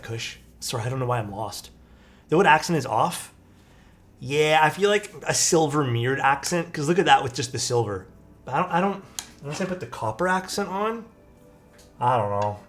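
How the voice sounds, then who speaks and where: A man streaming live, talking with his viewers in a relaxed, slightly sluggish way. He thinks out loud with fillers and restarts, in a mid-range voice. Soft music plays faintly behind him. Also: medium pitch. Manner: laid-back, thinks aloud with fillers and restarts. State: sluggish, low-energy. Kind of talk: casual live-stream chat.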